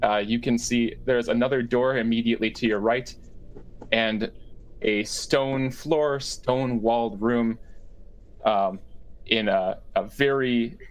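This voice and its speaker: A man's voice: medium pitch, fairly even intonation, takes it slowly, poor audio. Rambling male game master. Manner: rambling, filler-heavy, self-correcting. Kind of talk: narrating a tabletop game.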